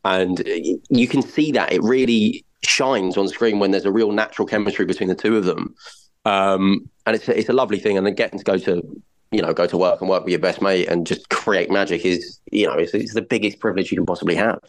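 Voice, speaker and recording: A man's voice: low-pitched, fairly quick, rough recording. A man, a soap actor guest, chatting enthusiastically in a casual interview, often repeating words as he talks.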